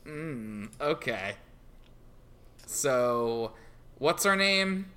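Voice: medium pitch, animated, extremely slow, pushed and bright. A tabletop game player chatting casually, laid-back and amused. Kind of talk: casual chat.

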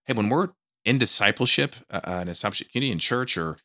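A man's voice: mid-range voice, expressive, rapid-fire, sharp tone, no echo. A man hosting a podcast in a small studio, interviewing a guest in casual chat, eager and often restarting his words. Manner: enthusiastic, repetitive restarts, stammering on words. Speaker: podcast host.

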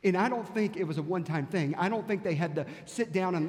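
A man's voice: sits high, expressive, normal speed, few pauses, long reverb tail. A male pastor preaching a sermon, telling a story and firing off repeated rhetorical questions.

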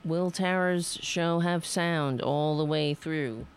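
A woman's voice: low-pitched, slow, clean tone. A woman hosting a casual livestream, rambling, swearing and scolding herself. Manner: profane, self-scolding, rambling. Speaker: livestream host.

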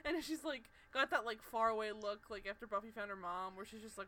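A woman's voice: medium pitch, fairly even intonation, fairly quick, pushed and bright, slight background noise. A woman co-hosting a podcast, chatting casually and animatedly with lots of fillers, acting out characters' lines. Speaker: podcast co-host. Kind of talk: casual chat recapping a TV show.

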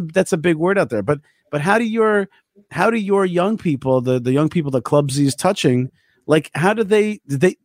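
A man hosts an interview in a dry, close-miked voice that sits on the high side for a man. He often stumbles over and repeats his words as he feels his way toward a question. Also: a little mellow, dry recording. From former Soviet Union family, raised in America. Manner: repeats words while searching for phrasing. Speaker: host. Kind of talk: interview conversation.

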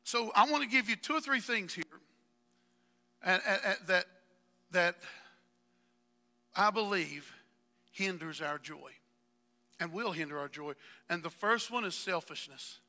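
High, bright-voiced fervent male preacher. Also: lively intonation, a little slow, long pauses. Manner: fervent, addresses congregation members by name, builds to shouting. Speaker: pastor. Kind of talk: sermon. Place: church sanctuary. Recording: long church hall reverb.

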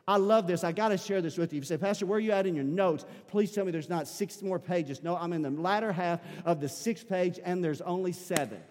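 A man's voice: sits high, fairly quick, few pauses, a little mellow. A man preaching a sermon as pastor, building emphasis with repeated calls to his congregation. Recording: long hall reverb.

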